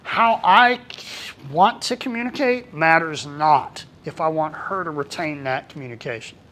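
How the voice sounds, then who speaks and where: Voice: mid-range voice, measured pace, a bit bright. A workplace trainer giving a casual, talkative presentation to a small group. The delivery is colloquial, and the trainer acts out bits of dialogue.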